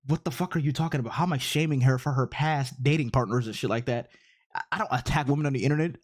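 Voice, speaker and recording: A man delivers profane, exasperated commentary on social media posts. His voice sits at an ordinary middle pitch, and he keeps breaking into incredulous outbursts. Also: fast. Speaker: online commentator.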